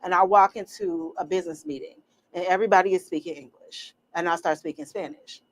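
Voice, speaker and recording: A middle-aged woman co-hosting a podcast in casual chat, telling lively stories and acting out quotes. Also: on the low side, fairly quick. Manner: animated storyteller, acts out quotes. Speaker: podcast co-host.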